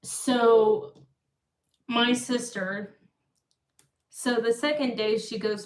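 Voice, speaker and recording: A woman's voice: a little high, steady tone, very slow, pauses often. A woman in her thirties telling a rambling story on a live stream, often breaking off and restarting. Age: 30s. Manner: rambling, self-interrupting. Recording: echoey room, far from mic.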